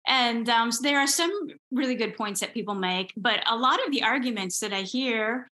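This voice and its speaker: Bright-voiced woman explaining her views. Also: a little high, moderate pace. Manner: earnest, explains with examples, occasional light laughs. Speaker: composer and musician guest. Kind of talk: conversational interview.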